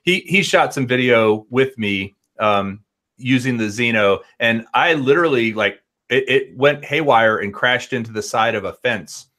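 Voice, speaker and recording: A man's voice: mid-range voice, expressive, a little slow, pushed and bright. A man as a guest on a casual live chat show, talking in a chatty, friendly way.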